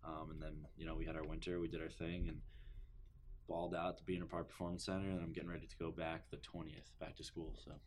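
Deep-voiced young man, easygoing chat. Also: flat delivery, fast talker, slight background noise. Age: young adult. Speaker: college golfer, podcast regular. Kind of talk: casual chat.

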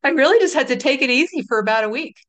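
A middle-aged woman, an author being interviewed, telling stories in a relaxed, laughing way. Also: high-pitched, rapid-fire. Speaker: author and guest. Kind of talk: casual interview chat.

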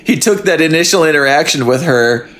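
A man's voice: on the high side, expressive, fairly quick, fairly bright tone. A man co-hosting a casual TV recap podcast, given to profane, exasperated rants, recorded in a home guest bedroom studio. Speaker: podcast co-host. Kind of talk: casual chat.

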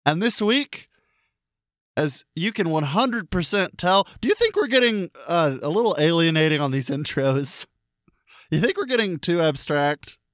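A man co-hosting a comedy podcast narrates a silly imagined scene for a game at normal speed, his voice on the high side, animated and fairly bright. He jokes, laughs a lot and drifts into funny voices, all in clean studio sound with no room sound.

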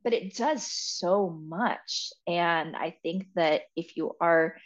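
A woman's voice: on the low side, slow pace. A woman hosting an interview, chatty and reflective, thinking aloud. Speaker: interview host. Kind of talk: casual interview conversation. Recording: dull lo-fi audio.

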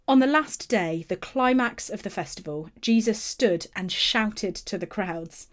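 A woman reads a Bible passage aloud in a steady, clear storytelling voice. Her pitch sits in a middle range. Phrase ends fall gently as she moves through the story. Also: unhurried, hardly any pauses. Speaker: narrator. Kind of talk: scripted Bible narration.

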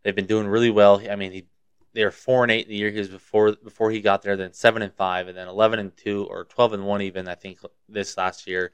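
A man's voice: on the low side, little pitch movement, fast, smooth, dry recording. A young man from Montana hosting his own podcast, talking in a profane, rambling, fired-up way about whatever is on his mind. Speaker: podcast host. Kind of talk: casual solo podcast rant.

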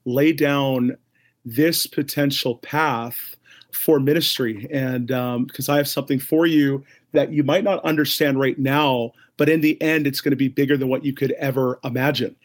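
A man's voice: medium pitch, fairly even intonation, moderate pace. Earnest young Canadian man telling stories. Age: young adult. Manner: warm-hearted, earnest storyteller with many fillers. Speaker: guest, ministry leader. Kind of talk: casual interview storytelling.

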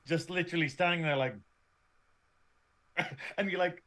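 Male podcast co-host, wisecracking and loose, slightly high pitch. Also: moderate pace, fairly bright tone. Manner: joking, laughs a lot, swears casually. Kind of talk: casual chat.

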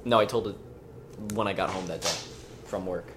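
Podcast dude telling a story, gets loud and animated, bit of hiss behind him. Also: male voice, deep voice, brisk. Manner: animated storyteller, swears freely, acts out voices in the tale. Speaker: podcast co-host. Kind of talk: casual chat.

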